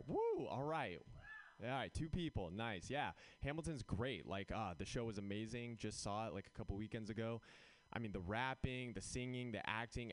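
Low-voiced guy doing deadpan stand-up jokes, real dry. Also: clear, resonant tone. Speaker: stand-up comedian. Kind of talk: deadpan stand-up one-liners.

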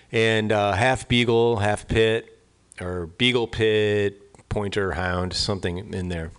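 A man's voice: fairly low pitch, a bit bright. A middle-aged American man hosting a radio show, telling a long story in a rambling, chatty way full of asides and restarts. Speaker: radio host. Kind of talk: casual on-air storytelling.

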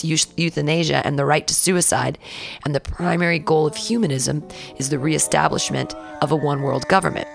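A young adult woman, a comedian hosting a podcast, who reads texts aloud and breaks into sudden excited outbursts. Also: deep voice, gravelly. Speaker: podcast host and stand-up comedian. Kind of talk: casual podcast reading and commentary.

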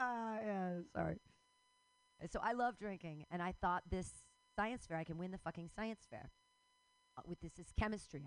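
A middle-aged woman performing a rambling stand-up comedy set, excitable and swearing freely. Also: medium pitch, rough recording.

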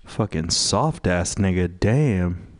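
A man's voice: deep voice, expressive, slow pace, no room sound, clean studio sound. A man hosting a radio show, ranting in a profane, rambling, mocking way full of fillers. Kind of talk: crude rambling radio rant.

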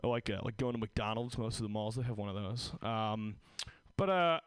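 A man's voice: lowish voice, normal speed, smooth, no room sound. A man doing awkward, self-deprecating, upbeat stand-up at an open mic on a stage mic. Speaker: stand-up comedian.

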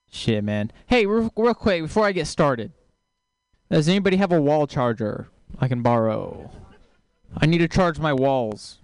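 A man from Texas doing a stand-up set, his voice smooth and slightly high as he delivers deadpan one-liners. The sound is dry and close. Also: dry recording. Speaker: stand-up comedian. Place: comedy show on stage.

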